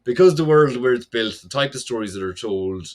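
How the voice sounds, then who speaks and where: A young adult man co-hosting a podcast sounds expressive and a little mellow, medium in pitch and fairly quick. Slightly tipsy, he meanders through a casual recap heavy on "like," with occasional swearing.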